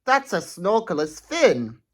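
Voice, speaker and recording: A friendly, easygoing male train engine chats like a good mate, as a woman reader does his voice. His lines are laid-back and slow, with a lively rise and fall, read from a picture book. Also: lowish voice, voice pushed up, full character voice.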